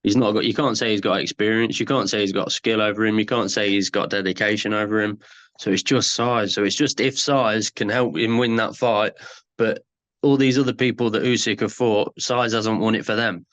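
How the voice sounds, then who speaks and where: A man, a podcast guest in casual chat who talks haltingly with many fillers. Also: lowish voice, fairly even intonation, fairly bright tone.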